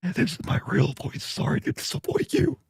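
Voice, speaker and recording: A man voicing a strained, wheezy character who talks while sucking in air, with a high, breathy rasp. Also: wildly swooping pitch, normal speed, darkish tone, no room sound, clean studio sound, full character voice. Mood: mock-cheerful. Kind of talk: comic put-on voice on a game stream.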